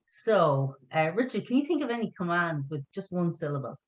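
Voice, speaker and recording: A woman's voice: on the low side, sing-song, fairly quick, poor audio. A woman teaching an online language lesson, patient and encouraging, spelling words out letter by letter.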